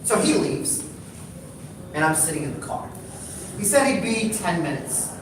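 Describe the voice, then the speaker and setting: A male speaker at a live talk tells a comic story with animated, rising energy. The sound is distant and very reverberant, as if heard from the back of a large hall. A steady background hiss sits under his voice. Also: moderate pace. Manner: animated, building to excited high-pitched bursts. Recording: echoey hall, distant mic, noisy.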